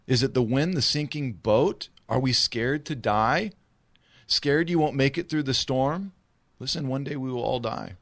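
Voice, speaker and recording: Preaching at medium pitch, a pastor dramatizes his sermon's story, performing its scenes vividly. His pace lurches from rushed to slow and back.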